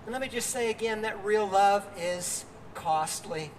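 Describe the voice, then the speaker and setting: Older male pastor, high voice, earnest outdoor sermon, heard from far off with reverb and faint background noise. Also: unhurried. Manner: earnest, with fillers and restarts.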